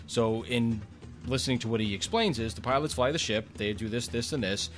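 A man's voice: mid-range voice, animated, a little fast, soft background music. A man co-hosting a podcast, telling a trip story in a chatty, rambling way, often restarting his sentences. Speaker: podcast co-host.

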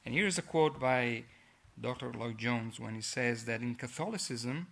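A middle-aged man with an Italian accent, a native Italian speaker giving a formal lecture in English, measured and pausing often with fillers. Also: mid-range voice, creaky, a bit bright. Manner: measured, with frequent fillers and restarts. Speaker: guest lecturer.

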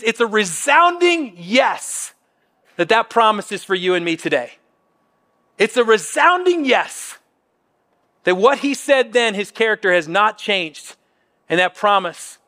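A pastor in his fifties preaching a sermon in a church, earnest, sometimes dropping to a soft near-whisper for emphasis. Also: high voice, in a large hall. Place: church auditorium.

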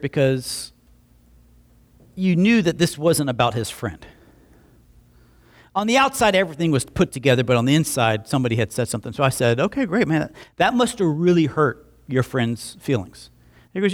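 This male pastor gives a conversational sermon, telling a story in which he acts out both sides of the dialogue and often restarts with repeated words. His medium-pitched voice is expressive and brisk.

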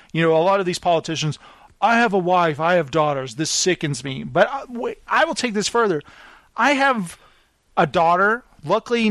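A podcast host telling a self-deprecating story in casual chat, animated and apologetic in tone. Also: male voice, high voice, no room sound.

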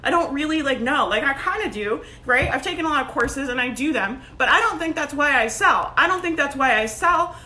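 A woman in her thirties giving a loud, emphatic motivational talk to camera, laughing often and peppering her speech with "like" and "right?". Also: high voice, animated, fairly quick, hardly any pauses. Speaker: online business coach. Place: at home. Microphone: phone.

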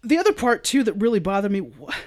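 A man's voice: high voice, sing-song, fast, darkish tone. A man co-hosting a casual movie review podcast, rambling and repeating words, laughing often. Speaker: podcast co-host.

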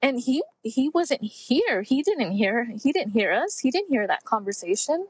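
A woman in her forties speaking candidly as an interview guest, heartfelt and reflective, pausing often with fillers. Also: a little high, very animated, husky, dry recording, poor audio. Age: 40s. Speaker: podcast guest.

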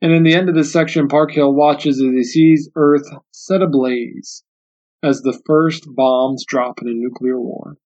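A man hosting a solo book discussion podcast, speaking in an earnest, reflective way and often restarting his sentences, and reading passages aloud slowly and carefully. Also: fairly high pitch, fairly even intonation, darkish tone. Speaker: podcast host. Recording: dull, muffled lo-fi audio.

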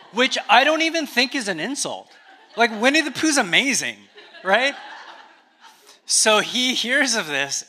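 The preacher, a man with a Canadian accent, has a high voice. His sermon unfolds casually through stories, conversational in tone and sprinkled with humor.

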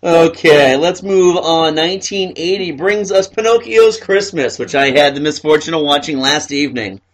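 A man hosting a casual podcast chat about films, animated and laughing often, breaking into quick impressions of characters. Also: on the high side. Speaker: podcast host. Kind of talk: casual film review chat.

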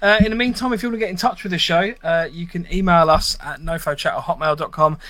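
A British man hosting a podcast, signing off the episode in a relaxed, friendly way. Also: high-pitched, fast talker, no echo. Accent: British English. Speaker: podcast host. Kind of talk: casual chat and show sign-off.

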